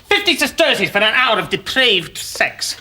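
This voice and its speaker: An actor playing an excitable, flustered Roman aide who stumbles over his words. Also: high-pitched, a little slow, a little hiss or hum, full character voice. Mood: agitated. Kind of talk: sitcom acting.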